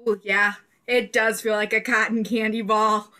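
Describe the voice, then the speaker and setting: A woman playing a cheerful cotton-candy-loving sister, coaxing children with slow, simple questions in an interactive musical. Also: medium pitch, flat delivery, pushed and bright, close to an everyday voice. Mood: friendly.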